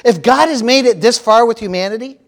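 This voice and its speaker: A man preaching a sermon in a church, lively and playful, acting out panicked voices and calling out to the congregation. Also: extremely high pitch, a little fast. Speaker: pastor.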